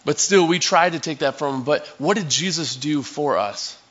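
A man's voice: on the high side, moderate pace, dull audio. A male pastor giving a sermon in a conversational, storytelling way, acting out scenes for his listeners.

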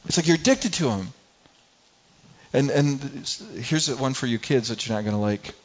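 A man's voice: medium pitch, lively intonation, moderate pace, dull audio. A middle-aged man preaching a sermon in a conversational way, often repeating words and acting out everyday people. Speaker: pastor.

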